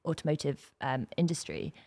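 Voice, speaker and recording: Chatty woman, slightly low voice. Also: a little mellow. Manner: chatty, quick to laugh at herself. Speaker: co-host. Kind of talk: casual chat. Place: kitchen table.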